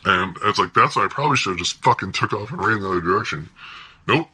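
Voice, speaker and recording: A vlogger shares a personal story in laid-back talk full of profanity, his low-leaning voice strikingly bright and strained with a husky, rough grain. He speaks at a quick, animated clip and often laughs between lines, and the recording quality is low.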